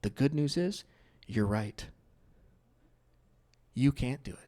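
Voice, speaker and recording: A man's voice: medium pitch, slow. A middle-aged male pastor preaching a sermon in a conversational, playful way. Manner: conversational, lively and playful with the congregation.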